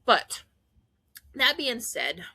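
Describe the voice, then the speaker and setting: A woman podcast host giving a casual, animated fan recap, gushing and laughing often. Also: on the high side, extremely slow, vocal fry, no echo.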